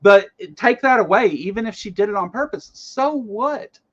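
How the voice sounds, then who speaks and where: A man with a slightly high voice hosts a casual political livestream. He is blunt and curses freely. The audio is a little dull and lo-fi. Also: lively intonation, normal speed, a bit bright. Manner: blunt, swears freely, reads chat aloud. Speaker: livestream host.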